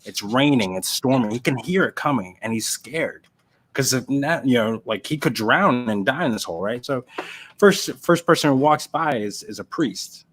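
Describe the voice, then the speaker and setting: A man in the middle of a casual livestream chat, his voice sitting at an ordinary pitch. He tells stories with energy, jumping into little character voices along the way. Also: moderate pace. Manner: animated storyteller, acts out voices in anecdotes.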